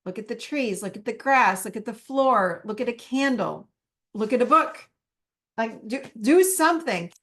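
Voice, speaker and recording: Casting: woman, fairly high voice, live self-help masterclass teacher, conversational, acts out her own self-talk. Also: animated, normal speed, fairly bright tone.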